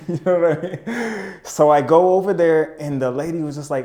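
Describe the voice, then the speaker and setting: A man's voice: on the high side, moderate pace, dark tone. Laid-back young man telling stories with slang. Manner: laid-back, slangy, keeps saying "you know what I mean". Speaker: podcast guest, business owner. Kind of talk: casual storytelling chat.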